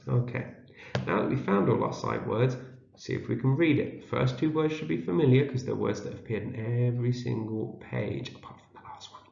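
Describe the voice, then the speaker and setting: This man's mid-range voice is expressive and a little mellow, with some vocal fry, as he leads young children through a shared reading. In a slow, patient lesson, he sounds out each word and repeats it for them to echo back. The home video recording is dull and roomy.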